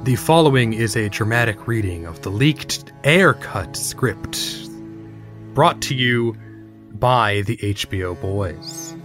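A man's voice: fairly low pitch, animated, slow, fairly bright tone, faint music behind. A man hosting a podcast, narrating stage directions for a comedic dramatic reading, often chuckling as he reads.

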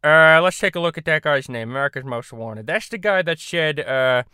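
A man's voice: a little high, lively intonation, moderate pace, bright, forceful tone, dry recording, studio quality. A man doing a foul-mouthed ranting bounty hunter. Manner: gruff, swearing, bullying rants. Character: profane hot-headed male bounty hunter, impression. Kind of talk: parody voice acting.

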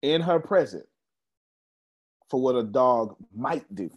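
A man's voice: mid-range voice, slow pace, breathy edge, dull audio. A man giving a motivational talk, telling a story with laughs and speaking straight to his audience. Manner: animated, laughing storyteller addressing the crowd.

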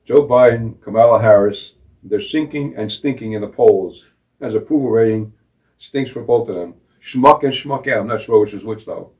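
A man's voice: lowish voice, normal speed, warm tone. A man hosting a talk show, delivering scoffing, sarcastic political banter and laughing at his own jokes. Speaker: show host. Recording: voice distant from the mic.

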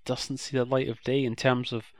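A man's voice: mid-range voice, level tone, normal speed, no room sound, clean studio sound. A man co-hosting a podcast in a chatty, agreeable way, leaning hard on the words he stresses. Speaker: podcast co-host. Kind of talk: casual podcast discussion.

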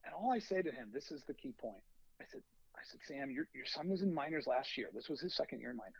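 A man who coaches youth baseball tells an extended story on a podcast, performing everyone's quoted lines. He talks fast at a medium pitch with vocal fry and a breathy edge, in a dry recording whose high frequencies are cut off.

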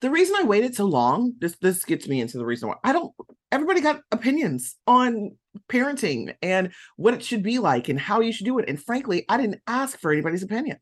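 A woman's voice: medium pitch, big pitch swings, brisk. A pregnant woman hosting a podcast, talking candidly in a casual monologue full of "um" and "like". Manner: candid storytelling, frequent "um" and "like". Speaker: podcast host.

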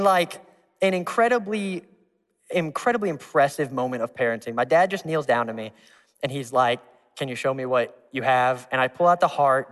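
A male pastor preaching a sermon, telling a personal story in a lively way, acting out voices and laughing along. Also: a little high. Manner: animated, acts out voices, laughs at his own story. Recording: long reverb in a large hall.

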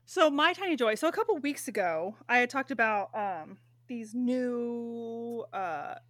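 A woman co-hosts a casual chat in a slightly high, wry voice, joking and often trailing off mid-thought. Her sound is dry and close, with no room around it. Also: expressive, unhurried, fairly bright tone, dry recording. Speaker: podcast co-host.

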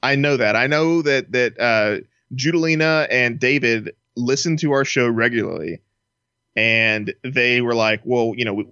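A man co-hosting a TV fan podcast in casual chat, expressive and jokey, slowing down to reason things through. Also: mid-range voice, clear, resonant tone, dry recording. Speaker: podcast co-host. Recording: slightly dull lo-fi sound.

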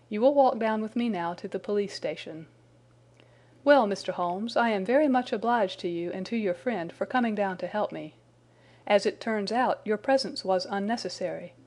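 A woman's voice: medium pitch, darkish tone, lightly acted. A woman reading the part of a stern, self-satisfied police inspector in a formal, clipped way.

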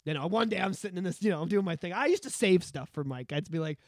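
A man co-hosting a casual podcast, talking in a loud, profane and animated way, often breaking into shouts. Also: high voice, fast, no room sound, studio quality. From Canada. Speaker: podcast co-host.

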